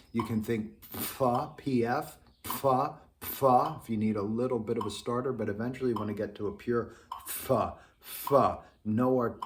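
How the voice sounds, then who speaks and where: A man teaching a trombone lesson, speaking thoughtfully with many pauses and ums. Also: on the low side, slight background noise. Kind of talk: instructional lesson.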